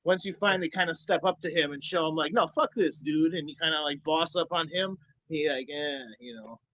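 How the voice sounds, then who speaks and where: A man's voice: fairly high pitch, a little fast, rough recording. A man guest on a podcast, telling rambling stories full of swearing and quoted arguments. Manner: profane, rambling, animated when telling stories. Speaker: podcast guest, former wrestler. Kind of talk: casual storytelling.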